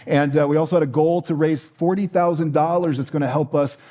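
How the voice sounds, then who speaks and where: A man's voice: fairly high pitch, steady tone, a little fast, dark tone. A middle-aged man preaching a sermon as a pastor, casual and conversational with many fillers and restarts. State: choked up. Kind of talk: sermon with announcements.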